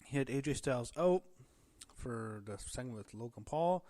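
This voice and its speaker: A man's voice: mid-range voice, expressive, moderate pace, darkish tone. A man giving a casual, rambling recap of a wrestling show, thinking aloud with fillers and restarts.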